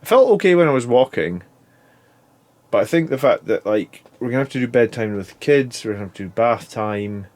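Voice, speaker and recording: A man in his thirties talks through a casual video diary, worn out and foggy after a long fast. He rambles along, keeps restarting his sentences and loses his thread in places. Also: medium pitch, animated, a little mellow. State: tired and foggy from fasting. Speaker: YouTube channel host.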